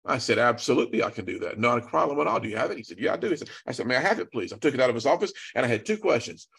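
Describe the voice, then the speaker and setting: A man's voice: medium pitch, very animated, rapid-fire, vocal fry, fairly bright tone, husky. A man telling an earnest, dramatic testimony as a guest, acting out the dialogue. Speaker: guest speaker. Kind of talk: storytelling testimony.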